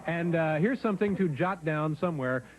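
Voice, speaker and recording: A man hosting a late night talk show, dry and halting with many fillers. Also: on the high side, animated. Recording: noisy TV broadcast audio.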